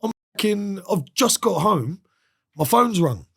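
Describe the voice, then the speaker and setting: A man sits in as a podcast guest and tells a story in a lively, streetwise way. His speaking voice sits a little higher than most men's. He swears freely and slips in and out of the voices of the people he quotes. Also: unhurried, breathy edge. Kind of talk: casual interview storytelling.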